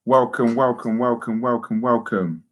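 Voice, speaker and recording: A man's voice: mid-range voice, fairly even intonation, moderate pace, low-quality recording. A man, a motivational speaker and youth coach, hosting a live stream talk, upbeat and repeating phrases as he addresses viewers directly. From United Kingdom.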